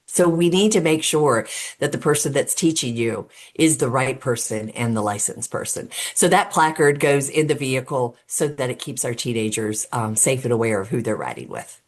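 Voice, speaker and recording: A middle-aged woman with a notably low, deep voice talks as an interview guest. She lays out her points earnestly and one at a time, often filling pauses with "um". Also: lively intonation. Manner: earnest and explanatory, with frequent um fillers; talks through steps as if laying out a case. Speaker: guest, road safety advocate. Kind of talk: podcast interview conversation.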